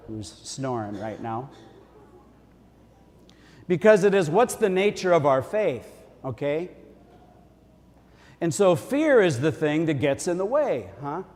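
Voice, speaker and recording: A man's voice: on the high side, darkish tone. A man preaching a sermon as a priest, in a folksy, conversational way. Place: church. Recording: long church reverb.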